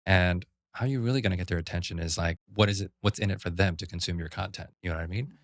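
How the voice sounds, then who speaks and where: A man co-hosting a podcast, telling stories in an animated way and acting out what others said. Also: low voice, fast talker, dry recording, studio quality. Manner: animated storyteller, acts out quotes. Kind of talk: casual podcast conversation.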